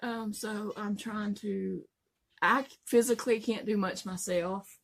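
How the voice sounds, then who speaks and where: A woman's voice: mid-range voice, fairly even intonation, takes it slowly, creaky. A woman, telling a story in a chatty vlog and laughing often along the way. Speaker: vlogger.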